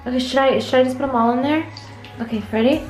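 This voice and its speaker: A woman's voice: high voice, fast talker. A woman filming in a bathroom, teasing and laughing while giving instructions. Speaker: vlogger filming. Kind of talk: casual vlog chat. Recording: echoey bathroom with loud music.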